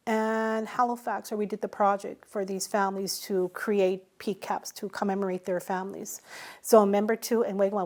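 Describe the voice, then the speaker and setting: Animated middle-aged woman telling stories. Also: medium pitch. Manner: animated, acts out quoted dialogue. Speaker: interviewee, small business owner. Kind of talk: conversational storytelling interview.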